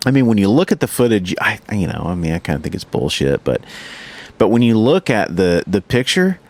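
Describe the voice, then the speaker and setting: A man's voice: lowish voice, big pitch swings, fairly quick. A man co-hosting a casual podcast, meandering loosely and swearing now and then. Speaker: podcast co-host. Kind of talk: casual chat.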